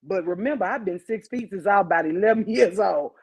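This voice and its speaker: A woman hosting a podcast, telling a story in a casual, animated way, swearing freely and talking straight to her listeners. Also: medium pitch, fast, slightly rough, poor audio. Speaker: podcast host.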